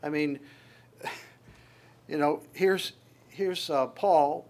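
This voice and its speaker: A male preacher speaks extremely slowly in a darkish voice that sits a touch high for a man. His sermon is conversational and unpolished; he often stumbles and restarts mid-sentence while quoting scripture. When retelling a story, he slips into small acted voices.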